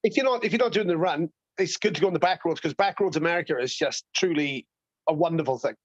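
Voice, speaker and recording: A man chatting as a podcast guest, animated and enthusiastic, laughing often. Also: a little high, fast, dry recording, dull audio. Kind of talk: casual chat.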